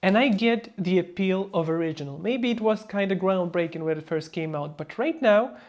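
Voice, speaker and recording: A man's voice: sits high, dull audio. Emphatic man reviewing with playful mockery. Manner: emphatic, playfully mocking, acts out quick mock voices. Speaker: fragrance reviewer. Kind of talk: casual review vlog.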